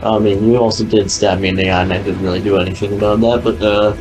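A man's voice: on the low side, little pitch movement, fast, music in the background, rough recording. A young man casually commenting on his video game playthrough, rambling and joking with lots of "like". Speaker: gaming video host.

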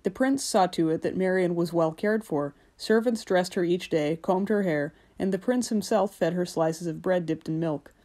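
A woman narrating a fairy-tale audiobook in a measured, gentle storytelling manner. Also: fairly low pitch.

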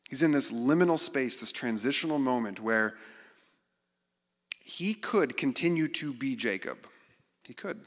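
A middle-aged man giving a conversational, animated sermon as guest speaker, acting out quotes with self-deprecating humor. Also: medium pitch. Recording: reverberant hall.

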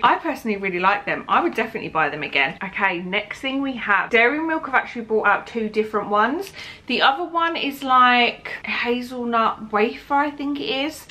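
A young woman with a bright, forceful voice talks through a snack taste test. She is tired and heavily pregnant, chatty and candid, and often speaks between bites. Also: fairly high pitch. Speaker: vlogger. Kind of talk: casual taste-test vlog.

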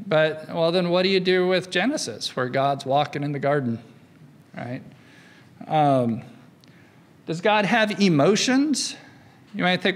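Animated and unhurried, a middle-aged philosophy lecturer with a fairly high voice pauses often. He keeps his university talk conversational, asking "right?" between ideas, and the lecture hall gives the recording long reverb.

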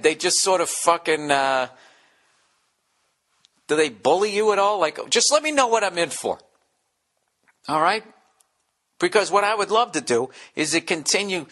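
A man hosting a solo podcast, rambling and ranting with lots of swearing and acting out little scenes. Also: a little high. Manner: profane, ranting, acts out bits in character voices; drops to a hushed near-whisper in acted scenes. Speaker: podcast host.

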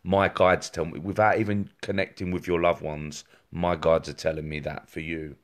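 A man's voice: sits low, level tone, moderate pace. A man giving a rambling live-streamed psychic reading, talking straight to viewers with many fillers and restarts. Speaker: psychic medium.

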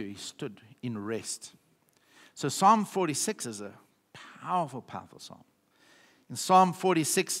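A man with a South African accent preaching a sermon as pastor, with emphatic repetitions, often checking in with the congregation. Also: mid-range voice. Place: church hall. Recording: reverberant church hall.

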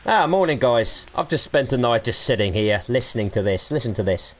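A young man streams a survival game and talks over it, cheeky and taunting. His pitch leaps around constantly, and he laughs often between his jibes. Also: expressive, brisk, a bit bright. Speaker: gaming streamer. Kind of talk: let's play commentary.

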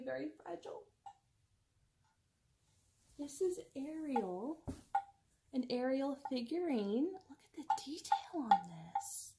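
Gushing excitable woman unboxing gifts. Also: high voice, a little hiss or hum. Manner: gushing and excitable, gasps and laughs often. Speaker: unboxing vlogger. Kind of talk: casual unboxing chat.

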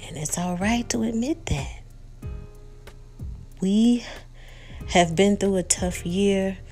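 A woman voicing a fiery, protective middle-aged woman, loud and shrill. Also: slow, faint music behind. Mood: tender. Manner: loud and shrill, high pitched.

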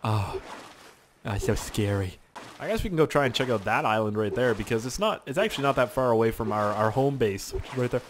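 A man's voice: mid-range voice, animated, fast talker, hardly any pauses, a little hiss or hum. A young man commentating a survival game, rambling, joking and talking to himself. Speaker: gaming channel host. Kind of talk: let's play game commentary.

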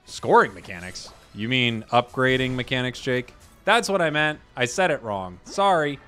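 A man hosting a gaming video, chatting casually about his matches and bursting into loud excitement at big plays. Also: medium pitch, normal speed, clean tone, soft background music. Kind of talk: casual gameplay commentary.

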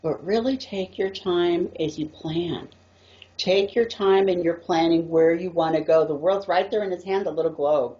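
Low-voiced woman, earnest tarot guest. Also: normal speed, mellow. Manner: earnest, rambling storyteller. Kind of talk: casual chat about tarot. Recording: dull lo-fi audio.

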